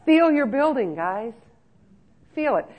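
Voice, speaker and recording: A middle-aged woman giving a lively conference talk to care staff, telling stories and checking in with her listeners. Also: high-pitched, slow. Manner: lively storyteller, checks in with "okay?" often. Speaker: speaker on nursing home care. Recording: muffled lo-fi recording.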